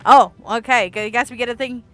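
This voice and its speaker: Young woman, high voice, bright tone, bubbly, casual game commentary. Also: fairly even intonation, fairly quick, soft background music. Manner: bubbly and chatty, giggly. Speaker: streamer playing a story game. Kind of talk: casual let's-play commentary.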